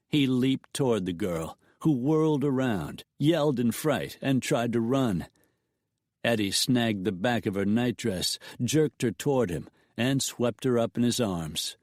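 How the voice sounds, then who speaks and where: Slow, steady male western narrator. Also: mid-range voice, no room sound, clean studio sound. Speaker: audiobook narrator. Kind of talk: scripted narration of a western novel.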